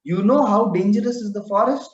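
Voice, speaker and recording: A man voicing a divine prince who scolds loudly and commands. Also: high voice, brisk, voice pushed up, natural voice. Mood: scolding. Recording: roomy, dull lo-fi recording.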